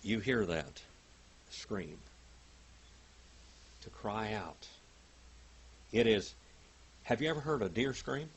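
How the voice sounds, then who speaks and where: A man's voice: on the low side, expressive, slow pace, pauses often, slight background noise. An older man teaching a Bible class, telling stories dramatically and reading Greek aloud word by word. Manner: dramatic, emphatic storytelling with big swings in loudness.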